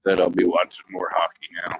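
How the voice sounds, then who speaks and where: Man, very low voice, blunt, grumbling, dull lo-fi recording. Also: monotone, fairly quick, creaky, no echo. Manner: blunt, grumbling, self-deprecating. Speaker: co-host. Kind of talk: casual chat. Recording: dull lo-fi sound.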